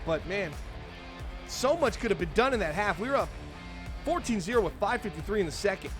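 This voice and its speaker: A man casually commentating his own football video game on a live stream, chatting play by play like a fan of his team. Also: high voice. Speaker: streamer playing a football franchise mode. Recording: game music playing behind voice. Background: video game music and sounds.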